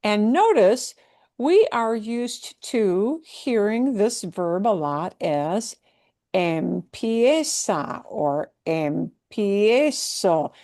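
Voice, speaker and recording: In an online language class, a woman with a mid-range, mellow voice teaches Spanish, very animated yet extremely slow. She explains patiently, repeats words with the stress on the correct syllable, and keeps checking in with "yeah?" and "okay?".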